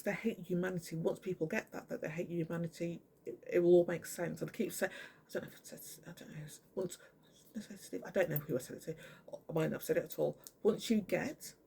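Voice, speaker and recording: A voice pours out an angry, profanity-laced, rambling monologue straight to camera. The tone sits dark and mellow, with a gravelly fry and a husky, breathy edge. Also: medium pitch.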